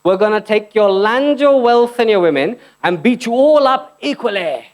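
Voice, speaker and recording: A man voicing an arrogant British colonial man in a shrill, sneering tone. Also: lively intonation, moderate pace. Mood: mocking.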